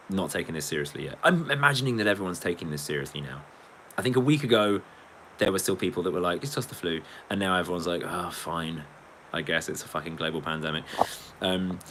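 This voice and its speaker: A low-voiced man rambles through a casual livestream, reading comments aloud and swearing freely between laughs. A faint hum of ambient noise sits behind his voice. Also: a bit bright. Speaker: livestreaming musician reading chat.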